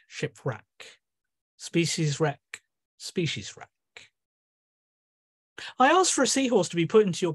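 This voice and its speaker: A man's voice: breathy edge, heavily acted. A man voicing the sea god Neptune, reading a poem in character with a raised, reproachful, questioning delivery over a video call from a room at home. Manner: questioning, reproachful, rising pitch.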